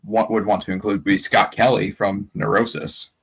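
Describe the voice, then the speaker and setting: A man's voice: fairly low pitch, little pitch movement, normal speed, breathy edge. A man in casual chat on a livestream, enthusiastic and joking.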